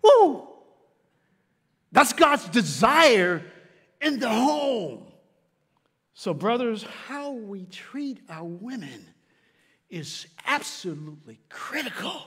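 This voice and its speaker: A middle-aged man preaching a sermon as a pastor, swinging from shouted peaks to quiet, low asides. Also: slow pace, husky. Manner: animated preaching, rising to shouts then dropping low. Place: church sanctuary. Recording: long reverb of a church hall.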